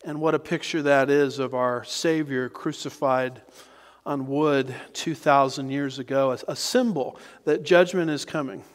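A man preaching a sermon as a pastor, earnest and emphatic, with dramatic pauses. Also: medium pitch, fairly even intonation. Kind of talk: expository sermon. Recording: reverberant hall.

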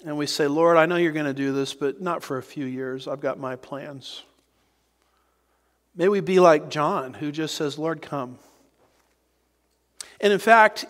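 A man preaching a sermon as a pastor, earnest and emphatic, with dramatic pauses. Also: on the high side. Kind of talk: expository sermon. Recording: reverberant hall.

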